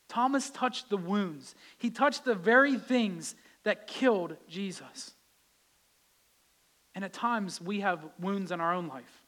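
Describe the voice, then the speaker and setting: A man's voice: high voice, slow, fairly bright tone. A male pastor giving a conversational sermon, his voice rising with emphasis at key points.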